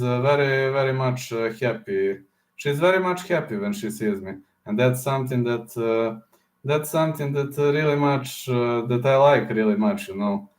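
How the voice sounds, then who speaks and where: A man from Serbia, hosting a casual livestream with a hoarse throat and often pausing to search for words. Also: mid-range voice, roomy sound. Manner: halting, searching for words, many fillers. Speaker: livestream host answering chat.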